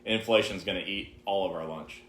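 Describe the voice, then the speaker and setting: A man's voice: deep voice, a little fast, fairly bright tone, slight background noise. A man co-hosting a live-stream Q&A, giving direct, emphatic advice to viewers. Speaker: co-host answering viewer questions. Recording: roomy, echoey live stream.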